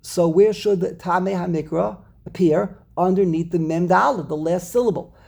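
A man's voice: high-pitched, normal speed, vocal fry, darkish tone, slightly rough. A man teaching a classroom lesson on Hebrew grammar, explaining step by step and repeating words as he thinks. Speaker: Torah teacher.

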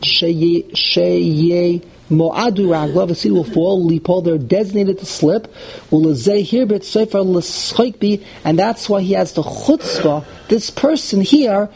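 High-voiced man teaching a text class. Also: unhurried, vocal fry, a little hiss or hum, rough recording. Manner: translates phrase by phrase, animated and indignant at points. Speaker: Torah teacher.

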